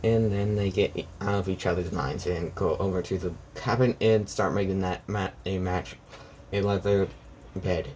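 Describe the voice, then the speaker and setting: A man's voice: sits low, steady tone, normal speed, hardly any pauses, darkish tone, slight background noise. A young man casually retelling a fan story, rambling with restarts and "she goes like".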